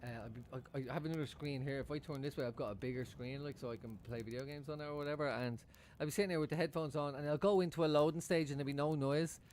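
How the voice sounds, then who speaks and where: A man's voice: a little high, fairly even intonation, fast talker, few pauses, darkish tone, slight background noise. A man chatting casually at home while he watches a football match live for his stream, swearing freely and laughing often. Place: room at home.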